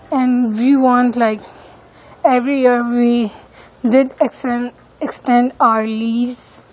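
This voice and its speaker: A woman with a fairly high-pitched voice, a non-native English speaker and student, talks hesitantly and fills her speech with fillers while walking outside around her neighborhood. She records this casual walking-tour vlog on a phone, and the audio is poor.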